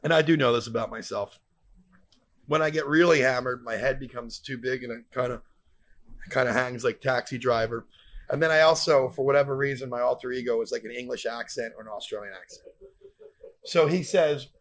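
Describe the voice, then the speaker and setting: A man's voice: medium pitch, normal speed, fairly bright tone. A man hosting a comedy podcast who tells a rambling story with lots of profanity.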